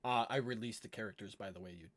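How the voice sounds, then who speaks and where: A man's voice: lowish voice, fast, fairly bright tone, no room sound. A man running a tabletop game over voice chat as game master, patiently directing the players.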